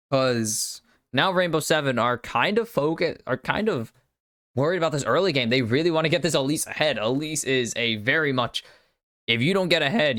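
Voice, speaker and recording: A man's voice: medium pitch, fairly bright tone, no echo, studio quality. A man from the United States casting an esports draft alone on a live stream, chatty and self-deprecating, muttering asides to himself. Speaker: esports caster.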